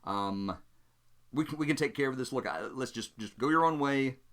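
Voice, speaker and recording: A man's voice: mid-range voice, normal speed, fairly bright tone, natural voice. A man voicing a stammering peacemaker hero. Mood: placating. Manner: pleading, stammering restarts. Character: adult male hero, level-headed peacemaker.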